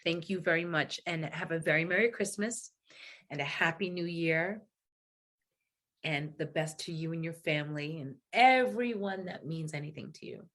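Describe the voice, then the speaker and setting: A woman guest in a casual interview, speaking in a husky, slightly low voice. She talks candidly and with animation, and she laughs easily. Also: moderate pace, a bit bright.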